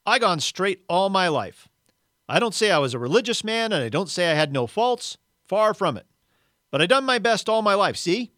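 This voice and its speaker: A man voicing a blustering, self-righteous ghost of a middle-aged man, loud and aggrieved. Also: high voice, sing-song, normal speed, dry recording, studio quality, voice pushed up, heavily acted. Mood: indignant.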